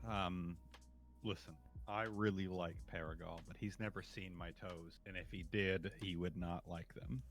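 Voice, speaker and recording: A man's voice: low voice, steady tone, normal speed. A man hosting a casual stream chat, bantering with a guest in mock outrage and swearing freely. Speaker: streamer host.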